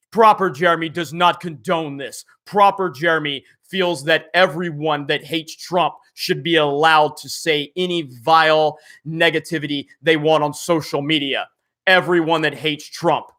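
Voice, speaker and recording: A man's voice: on the high side, sharp tone. Man doing a smug, preachy prig. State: hoarse.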